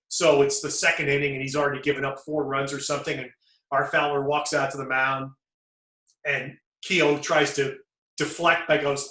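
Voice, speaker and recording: A man hosting a sports talk show, trading baseball stories in an animated way and laughing often. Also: fairly high pitch. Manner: animated, laughing, quick to jump into his own story. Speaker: sports broadcaster host. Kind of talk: conversational storytelling in a talk show. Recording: echoey room.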